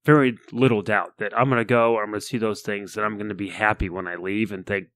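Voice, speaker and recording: A man's voice: fairly low pitch, steady tone, quick pace, creaky, fairly bright tone, no echo. An American man co-hosting a podcast, telling a long rambling story in casual chat and often repeating words as he starts sentences. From United States. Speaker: podcast co-host.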